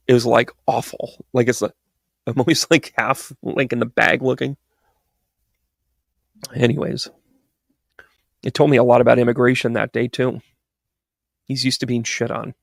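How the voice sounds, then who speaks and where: A man's voice: mid-range voice, creaky, no echo, clean studio sound. A man and podcast host telling a casual, rambling story full of digressions and restarts, often laughing at himself. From United States.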